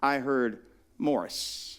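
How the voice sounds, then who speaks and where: A man with a Southern US accent preaching a sermon, animated, acting out the voices he quotes. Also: medium pitch, slow, clean tone. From Southern United States. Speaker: pastor.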